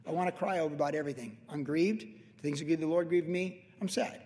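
A man's voice: a little high, fast, mellow, in a large hall. A man in his late fifties, a pastor telling a rambling, conversational story in a casual sermon, full of restarts and asides. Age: late 50s.

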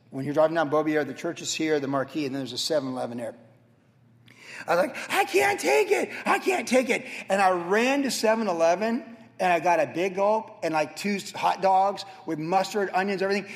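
A man preaching a sermon as pastor, telling stories with animated, acted-out moments. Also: sits high. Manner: animated storytelling, acts out his own past self. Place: church sanctuary. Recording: church hall with long reverb.

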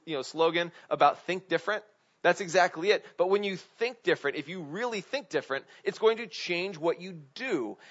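In a dull, lo-fi recording, a pastor with a high-pitched, fairly bright voice gives a casual, conversational sermon. He poses questions to his congregation and relies heavily on filler words.

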